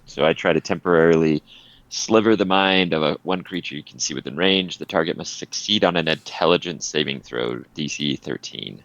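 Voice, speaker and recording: A man's voice: very deep voice, moderate pace, gravelly, fairly bright tone, dry recording, highs cut off. A man playing a tabletop game, thinking aloud and hesitating while he works out his turn. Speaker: player. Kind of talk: casual tabletop game chat.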